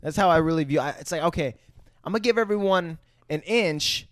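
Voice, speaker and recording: A man's voice: a little high, brisk, fairly bright tone, dry recording, studio quality. A man co-hosting a podcast, chiming in animatedly and laughing often during a casual movie recap. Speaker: podcast co-host.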